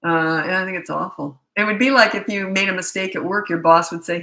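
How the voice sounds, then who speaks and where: A woman's voice: on the low side, brisk, sharp tone, roomy sound, low-quality recording. A middle-aged woman, a parenting coach, answering viewer questions in a blunt, candid and chatty way.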